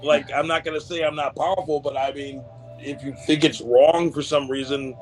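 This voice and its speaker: A man with a high-ish voice talks bluntly in casual live-stream chat and swears without pause. Music plays clearly under his voice. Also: steady tone.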